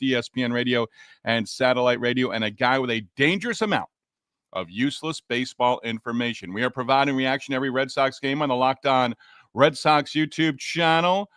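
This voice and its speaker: A man hosting a solo sports podcast, with a voice of middling pitch. He talks straight to listeners with energy and emphasis. The sound is dry and close to the mic. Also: fairly bright tone, clean tone, no echo. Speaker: podcast host.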